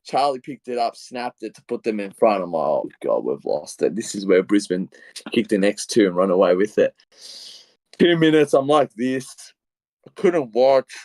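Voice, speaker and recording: Young Australian male podcaster; excitable, rambling, acts out quotes; dry, close recording. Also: medium pitch, moderate pace, dry recording. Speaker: podcast co-host. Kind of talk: casual footy podcast chat.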